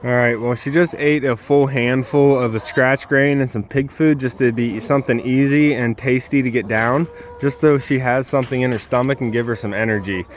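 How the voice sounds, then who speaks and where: A man vlogging from his homestead, talking softly and worriedly to a sick goat at the pen. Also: medium pitch, fairly even intonation, normal speed, few pauses. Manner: soft, worried, talks gently to his goats. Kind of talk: casual vlog with animals.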